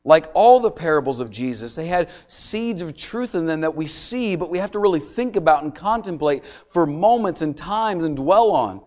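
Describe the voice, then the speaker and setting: A man delivering a sermon in a slightly raised voice. He swings between loud, intense passages and quiet, hushed asides, dwelling on each point. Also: fairly high pitch, animated, normal speed, few pauses. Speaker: pastor.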